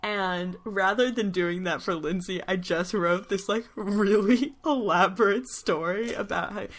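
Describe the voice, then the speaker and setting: A woman in her twenties chatting casually as a podcast co-host, telling stories with lots of laughter and squealed quotes. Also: unhurried. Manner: chatty storyteller, laughing often, acting out quotes in high squeals. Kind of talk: casual chat.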